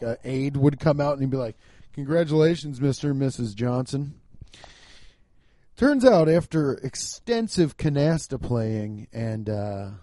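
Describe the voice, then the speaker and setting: A man's voice: on the high side, no room sound. A man from Cincinnati rambling through a casual comedic monologue, swearing and laughing as he goes. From Cincinnati, US Midwest. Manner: rambling, profane, laughs often, animated.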